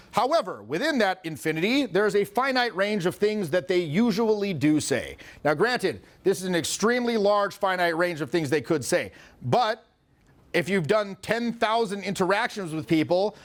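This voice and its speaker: A man in his forties, a social skills coach, talking casually in an animated, profane way and acting out other people's voices. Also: sits high. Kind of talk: casual chat.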